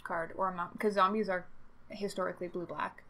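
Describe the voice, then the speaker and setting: A woman's voice: lowish voice, steady tone, brisk, sharp tone. A woman podcast co-host in casual chat, explaining points and pushing back in friendly debate. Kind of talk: casual podcast chat about a card game.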